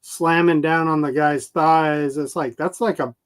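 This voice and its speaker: A man's voice: a little high, steady tone, measured pace, smooth. A man co-hosting a live stream, chatting casually about his favorite wrestling moves in an easygoing, nostalgic way. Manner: easygoing, nostalgic, chuckles often. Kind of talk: casual chat.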